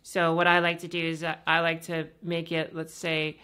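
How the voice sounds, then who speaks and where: A woman hosting a podcast, explaining voice practice in a casual, instructive way with many fillers and a pitch that moves up and down. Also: completely flat delivery, moderate pace, sharp tone, smooth. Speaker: podcast host and voice coach.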